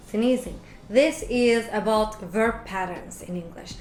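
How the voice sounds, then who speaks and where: A woman English teacher explaining quiz answers in slow, careful steps. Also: mid-range voice, darkish tone, faint music behind. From Turkey. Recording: echoey room with faint noise.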